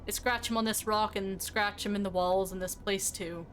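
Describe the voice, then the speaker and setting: A woman's voice: mid-range voice, steady tone, moderate pace, a bit bright, a little hiss or hum, close to an everyday voice. Woman doing a weary old gravedigger man. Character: gruff weary male gravedigger.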